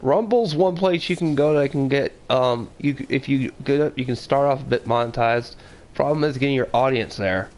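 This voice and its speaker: A man co-hosting a casual podcast chat, talking in a blunt, excitable, profane way. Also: medium pitch, moderate pace.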